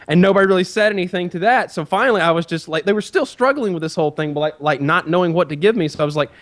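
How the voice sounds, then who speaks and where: A man's voice: fast talker, few pauses. A man on a podcast, telling a frustrated story in casual chat and acting out the quotes. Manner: animated, acts out quotes with jumps in pitch. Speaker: podcast co-host.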